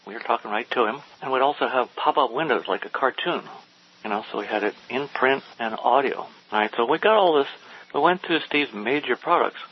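A man's voice: medium pitch, a little fast, slightly rough. A man casually telling a long anecdote, acting out the lines of the people in it. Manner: animated, quotes people in dialogue. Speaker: storyteller guest. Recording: dull lo-fi sound with faint hiss.

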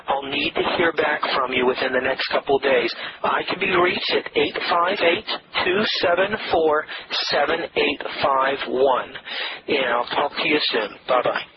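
Man, sales coach, brisk, direct, persuasive, muffled dull recording, loud background noise. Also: fairly high pitch. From San Diego, USA. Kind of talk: sales coaching with live phone calls.

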